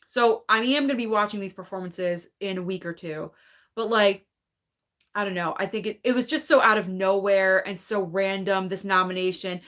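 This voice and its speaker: Bright-voiced chatty woman host. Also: medium pitch. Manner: chatty, hedging, lots of "like" and "I don't know"; opinionated and animated, quick laughs. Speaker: movie channel host reading live chat. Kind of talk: casual live-stream chat.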